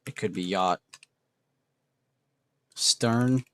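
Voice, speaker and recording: A man's voice: fairly low pitch, extremely slow, clear, resonant tone. A man hosting a casual livestream, muttering word guesses to himself and reacting to chat with self-mocking remarks. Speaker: livestream host.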